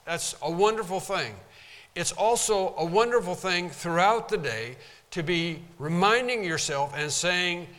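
A man preaching from the pulpit, emphatic and stressing his words. His voice sits high for a man and sounds bright and forceful. A long reverb hangs behind him from the sanctuary. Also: animated, a little slow. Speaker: pastor. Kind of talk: sermon. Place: church sanctuary.

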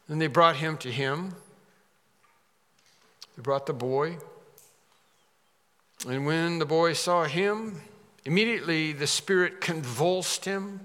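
A man's voice: fairly high pitch, slow, long pauses, a bit bright, long reverb tail. A man preaching a sermon, explaining scripture and rising dramatically when he quotes it.

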